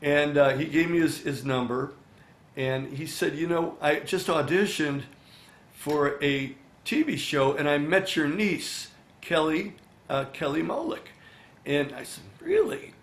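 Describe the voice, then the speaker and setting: An older man in a casual interview, sounding a touch higher than most men. He talks in a chatty, animated way, acting out snippets of dialogue. His voice carries the roomy echo of his studio. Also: measured pace. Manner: chatty, animated, acts out quoted dialogue, many "you know" fillers. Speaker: songwriter and musician, interview guest.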